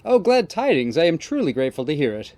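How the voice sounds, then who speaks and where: A man's voice: a little high, sing-song, fast, darkish tone, no echo. Man putting on a flowery young ninja. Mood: grandiose. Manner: archaic, flowery speech. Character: theatrical young male ninja student. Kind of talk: reading game dialogue aloud.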